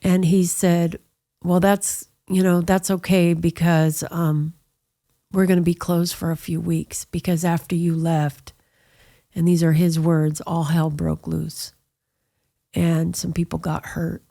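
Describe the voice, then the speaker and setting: A woman's voice: on the low side, level tone, takes it slowly, creaky, warm tone. A middle-aged woman telling her personal faith testimony in a conversational interview, with frequent "you know" asides. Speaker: guest sharing her testimony.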